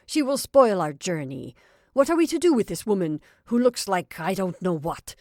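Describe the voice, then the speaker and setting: A woman voicing an excitable, sulky young male traveller in a dry, close recording. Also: medium pitch, normal speed, no echo, natural voice. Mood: grumbling. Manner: agitated, sulky. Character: excitable, grumbling young Frenchman travelling companion.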